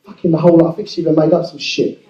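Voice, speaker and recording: A man's voice: a little high, little pitch movement, rapid-fire, roomy sound, distant mic, muffled recording, very noisy. A man doing a stand-up routine, telling a childhood story in a crude, self-mocking way. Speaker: stand-up comedian.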